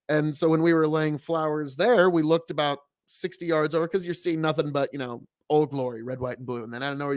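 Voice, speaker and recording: A man's voice: a little high, no echo, studio quality. A man from the United States hosting a casual reaction show, talking in a rambling, profane way with many restarts. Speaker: host reacting to a video.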